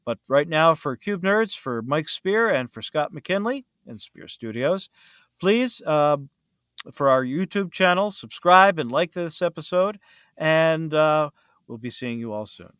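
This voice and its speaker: A man's voice: fairly high pitch, expressive, a little slow, a bit bright, clean tone, dry recording, clean studio sound. A man hosting a podcast in casual chat, rambling with many fillers and restarts. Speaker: podcast host.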